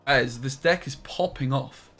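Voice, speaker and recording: A man's voice: mid-range voice, a little slow, sharp tone, soft background music. A man with an Essex accent, chatting casually and swearing now and then while he streams a card game and answers his chat. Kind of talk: live gameplay commentary.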